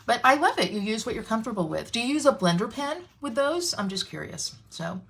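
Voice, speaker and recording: A woman's voice: on the high side, very animated, a little fast, creaky, a bit bright. A woman from Canada hosting a casual crafting livestream from her home craft room, chatting with viewers about their comments, with many fillers and restarts. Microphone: phone camera.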